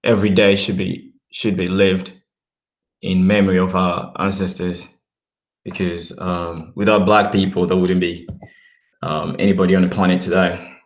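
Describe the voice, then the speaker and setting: A man's voice: deep voice, little pitch movement, normal speed, roomy sound. A man with a mixed Australian and British accent, rambling in a casual livestream chat as he talks to viewers.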